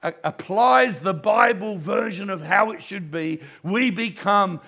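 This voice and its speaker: A middle-aged man, preaching a sermon in church and telling a story with passion, dropping to a hush and then rising loud. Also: high voice, measured pace, creaky. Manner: impassioned storytelling preacher, swings from hushed to loud. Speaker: pastor.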